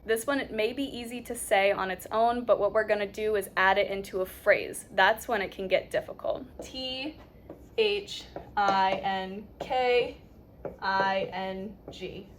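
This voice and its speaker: A young woman teaching English pronunciation in a casual lesson, upbeat and coaching, with slow repeated demonstrations. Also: mid-range voice, a little hiss or hum.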